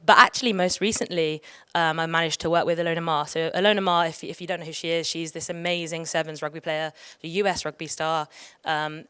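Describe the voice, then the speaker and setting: Woman, panelist, lower voice, dry close sound, chatty and emotional. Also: pushed and bright, smooth, no echo. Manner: chatty, emotional, laughs often. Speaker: panelist, athlete. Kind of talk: panel discussion. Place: conference panel.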